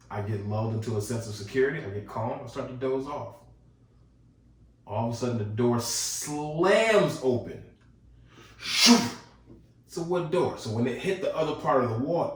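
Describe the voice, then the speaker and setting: A man hosting a podcast, telling a ghost story in a casual, animated way and chuckling as he goes. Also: medium pitch, moderate pace. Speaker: podcast host. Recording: echoey room, distant mic.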